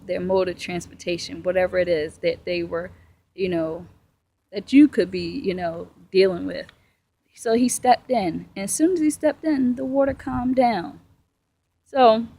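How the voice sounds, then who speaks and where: A woman's voice: mid-range voice, a little mellow. Woman, sermon, earnest, encouraging, conversational, acts out prayers. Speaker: preacher. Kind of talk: devotional sermon.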